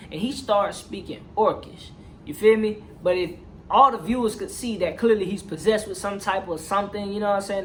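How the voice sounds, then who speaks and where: A reviewer retells a film in a loose, animated way, swearing freely and dropping slang. Every few phrases they check in with the listener. The voice sits at a middle pitch over a faint hum of room noise. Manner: animated and profane, heavy slang, constant "you feel me" check-ins. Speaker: movie reviewer. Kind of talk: casual movie recap.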